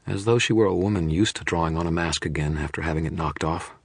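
A man reads a first-person audiobook in a measured, brooding way. His voice sits extremely low and carries a husky grain. The recording is dry, with no room sound. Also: dry recording. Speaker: audiobook narrator.

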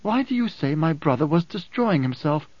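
A man's voice: fairly high pitch, very animated, normal speed, dry recording, voice pushed up. A man voicing a fierce, proud teenage girl who snaps and sneers, in an audiobook. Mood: defiant. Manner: defiant, snapping, scornful. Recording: dull dry close recording.

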